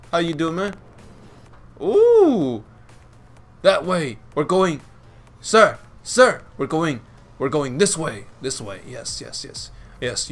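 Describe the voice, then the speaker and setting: A man giving playful, teasing commentary over his own gameplay, laughing often and breaking into excited yells. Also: medium pitch.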